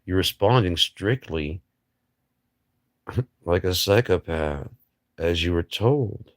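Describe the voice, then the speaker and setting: Very deep-voiced man musing bluntly. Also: lively intonation, slow pace, no echo, clean studio sound. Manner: blunt, profane, musing philosophically; rhetorical questions with mocking asides. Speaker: livestream host. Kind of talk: rambling livestream monologue.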